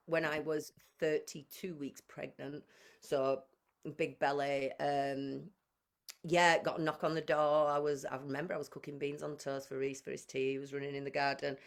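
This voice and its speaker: Woman in her 30s, podcast guest, emotional storytelling, acts out old conversations. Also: deep voice. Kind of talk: personal storytelling.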